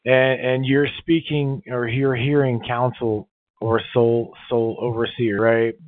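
A man's voice: mid-range voice, level tone, takes it slowly. A man hosting a casual interview, stopping often to clarify things and restarting his phrases. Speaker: podcast host. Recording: phone-like call audio.

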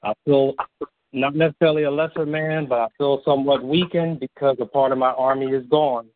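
Male caller, holding back tears, halting speech, heartfelt pauses, dry phone-line sound. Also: medium pitch, steady tone, no room sound. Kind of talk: emotional tribute on a call-in show.

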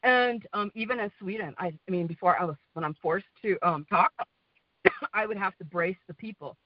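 A woman's voice: mid-range voice, normal speed, no echo, lo-fi sound. A woman from the United States with a Western American accent, calling in to a community prayer call, telling her story in a rambling way with many fillers and repeated "okay?"s, sounding exhausted. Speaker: caller. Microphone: phone line.

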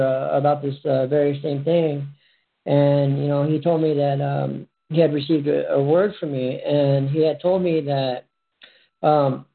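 A speaker answering in casual conversation, hesitant and halting, with many "um" and "you know" fillers. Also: mid-range voice. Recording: tinny phone-like line.

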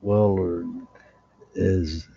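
A man sharing earnest testimony and prayer on a group call, fervent and excitable. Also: sits low, very slow, vocal fry, breathy edge, no echo. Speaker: call participant. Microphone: online group call. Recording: dull lo-fi call audio.

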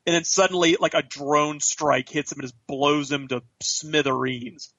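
A man's voice: fairly high pitch, steady tone, normal speed, a bit bright, no echo, dull audio. A man co-hosting a podcast, animatedly retelling TV scenes with lots of swearing and acted-out quotes. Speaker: podcast co-host. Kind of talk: casual chat.

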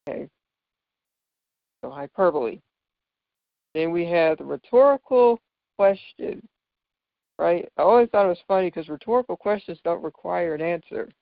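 A high-voiced man, animated and creaky, speaks at normal speed but with long pauses as he patiently teaches scriptural figures of speech, often tossing in "right?". The recording is dull, lo-fi and dry.

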